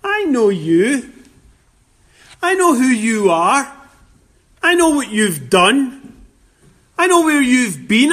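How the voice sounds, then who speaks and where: A man preaching a sermon voices the devil as an accusing, taunting male figure, speaking in a hushed, sneering way. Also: very high-pitched, voice pushed up, heavily acted.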